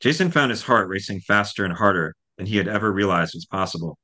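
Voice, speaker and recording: A man, the author and guest, reads a passage from his novel in a steady, measured way. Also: deep voice. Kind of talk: reading aloud from his novel.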